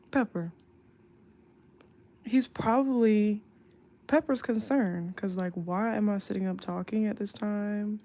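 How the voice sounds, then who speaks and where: A young woman livestreaming from home on her phone late at night, tired and in back pain, chatting slowly with many fillers. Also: medium pitch, vocal fry, a little mellow. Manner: slow, tired, drawling talk with lots of fillers. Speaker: flight attendant livestreamer. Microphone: phone mic, off screen.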